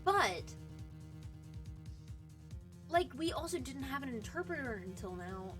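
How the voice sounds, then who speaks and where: A woman's voice: sits high, very animated, slow pace, a bit bright. A woman streamer giving casual let's-play commentary, emotional and thinking aloud, swearing now and then. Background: game music.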